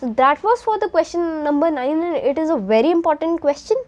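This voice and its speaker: A woman's voice: sits high, expressive, a little fast, a little mellow, highs cut off. A young Indian woman teaching a beginner French lesson, explaining step by step and mixing Hindi with English.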